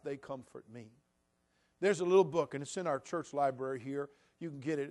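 A man's voice: fairly high pitch, darkish tone. A man preaching a sermon to his church, telling a story in a conversational way. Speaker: pastor. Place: church sanctuary.

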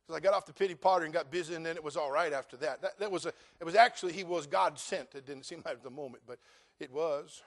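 A middle-aged male pastor preaching a sermon, folksy and joking, acting out dialogue and rising to loud, fervent passages. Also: a little high, fast. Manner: animated preaching, acts out dialogue, rises to loud fervent climaxes.

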